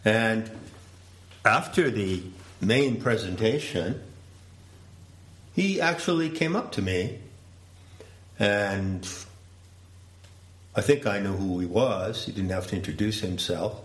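A man giving a slow, deliberate, reflective storytelling talk. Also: on the low side, lively intonation, fairly bright tone. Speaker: speaker. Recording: roomy echo.

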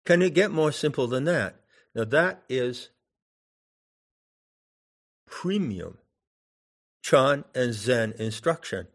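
A man giving slow meditation instruction in drawn-out phrases with long pauses. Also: mid-range voice, lively intonation. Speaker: meditation teacher.

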